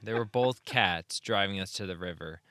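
In a clean, echo-free studio, a podcast co-host with a deep, bright, forceful voice recounts a trip at a moderate pace. His storytelling is laid-back and casual, like an easy chat.

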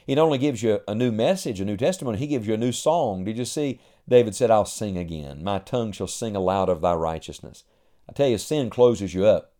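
A man's voice: fairly low pitch, mellow. A man preaching a sermon in an emphatic, rhythmic cadence, reading scripture aloud between his points.

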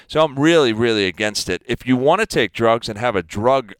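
A man in his fifties, a guest athlete, talking in a casual interview in an emphatic, animated way. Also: mid-range voice, brisk, no echo. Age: 50s.

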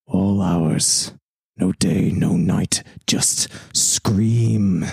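A man playing a haunted figure lost in endless darkness, speaking in a slow, ominous way. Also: low-pitched, vocal fry, a little mellow, slightly rough, dry recording, studio quality, heavily acted.

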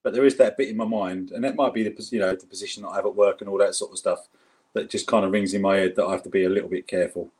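South London bloke, husky low voice, rambling casual chat, co-host. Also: male voice, fairly even intonation, racing, darkish tone. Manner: rambling, chatty, lots of fillers.

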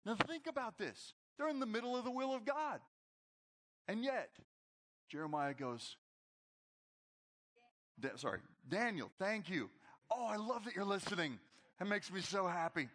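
A pastor preaching a conversational, animated sermon to his congregation in a large church. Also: sits high, measured pace, long pauses. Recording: long hall reverb.

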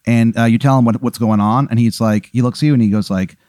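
A man improvising a comedy story in a rambling, animated way, full of fillers. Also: mid-range voice, quick pace, no echo.

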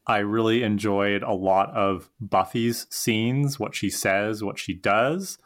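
A woman's voice: rumbling low, slow. A tired woman with the hiccups, co-hosting a podcast in casual chat with a dry, teasing humor. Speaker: podcast co-host.

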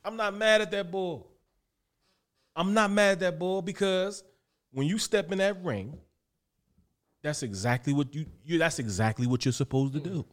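A man's voice: on the high side, normal speed, long pauses. Emphatic profane man in casual talk. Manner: emphatic, profane, animated storytelling. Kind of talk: casual chat.

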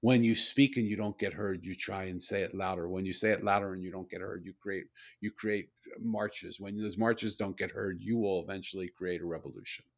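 With a low pitch and a fairly quick delivery, an older man who is a guest author recounts a story during a conversation. His telling is animated, full of repeated words and fresh starts.

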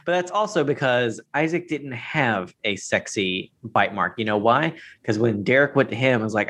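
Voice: mid-range voice, expressive, normal speed, hardly any pauses, fairly bright tone. A podcast co-host in casual chat, rambling and joking while recapping a TV episode.

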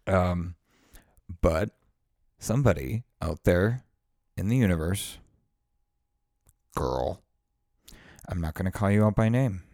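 A man's voice: low-pitched, lively intonation, takes it slowly, long pauses, a little mellow, no room sound, clean studio sound. A man giving a blunt, profane, fired-up motivational monologue.

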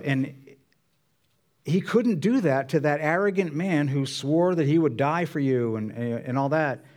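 A man's voice: medium pitch, darkish tone. Man preaching a conversational sermon. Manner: conversational preaching, acts out Bible dialogue in voices. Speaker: pastor.

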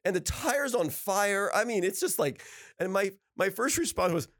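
A man hosting a podcast, telling personal stories in a casual, animated and upbeat way, often laughing as he talks. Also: high voice, moderate pace. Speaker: podcast host. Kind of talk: casual storytelling chat.

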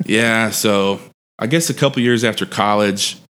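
A man's voice: on the low side, unhurried, a bit bright, smooth. A man, a podcast guest telling a long story in a rambling, profane way and laughing often. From Texas. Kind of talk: casual storytelling.

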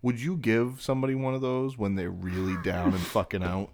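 Podcast co-host, man with a deep voice, swears freely and laughs through his stories. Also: little pitch movement, brisk, a crowd in the background. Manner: profane, storytelling, laughs often. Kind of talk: casual chat. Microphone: headphones and mic.

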